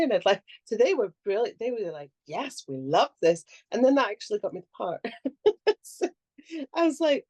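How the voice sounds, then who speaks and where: A woman's voice: a little high, normal speed. A young adult woman actor chatting casually on a podcast, telling stories with lots of laughter and acting out what people said. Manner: animated storyteller who acts out quotes and laughs often.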